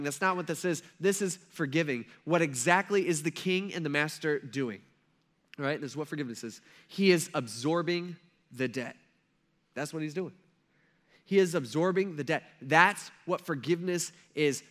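With a high voice and lively intonation, a pastor preaches at normal speed in a conversational way. He poses rhetorical questions, acts out quotes, and alternates loud stresses with hushed lines.

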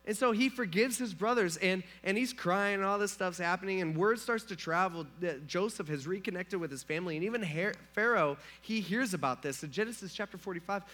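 A man preaching in a loose, chatty storytelling style, leaning on fillers and acting out quotes. His voice is bright and sits a little high, with an easy conversational flow. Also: brisk, few pauses. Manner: casual storytelling full of fillers and acted quotes. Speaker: pastor. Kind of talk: sermon.

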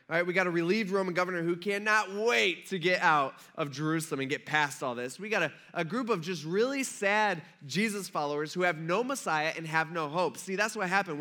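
Bright-voiced conversational male pastor. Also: high voice. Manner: conversational storytelling preacher, acting out crowd voices. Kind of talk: sermon.

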